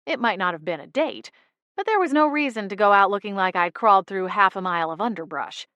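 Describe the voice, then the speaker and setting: A woman narrating a novel in the first person as an audiobook, wry and lively. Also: medium pitch, brisk, no echo, lo-fi sound.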